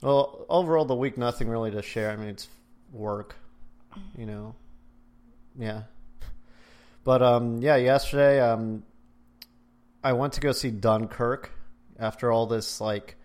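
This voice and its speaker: A man's voice: mid-range voice, a little slow, long pauses, darkish tone. Blunt, offhand male podcast co-host. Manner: blunt, dismissive movie opinions with trailing mumbles. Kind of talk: casual chat.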